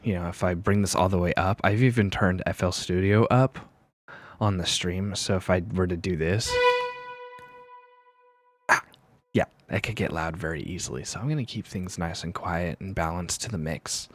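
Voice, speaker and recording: Deep-voiced man speaking softly for ASMR. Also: normal speed, dry recording. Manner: quiet, hesitant, thinking aloud. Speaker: streamer. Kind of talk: soft-spoken ASMR stream commentary.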